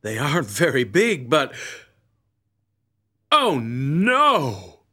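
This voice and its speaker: A man reading a story, voicing a young male hero in a softer, hushed tone. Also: medium pitch, huge pitch swings, very slow, exaggerated voice.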